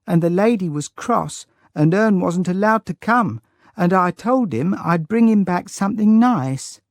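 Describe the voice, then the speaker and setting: A timid young girl, meek and respectful, answering every question with a soft "sir" in a high, small voice, as a male audiobook narrator puts her on. The sound is dry and close, with no room around it. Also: animated, unhurried, no room sound. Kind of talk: audiobook character voice.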